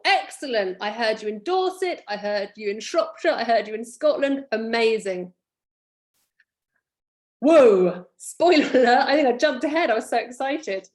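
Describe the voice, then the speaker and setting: A middle-aged woman, a children's author, reading her book aloud to schoolchildren in a lively, playful, encouraging way over a computer microphone. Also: high-pitched.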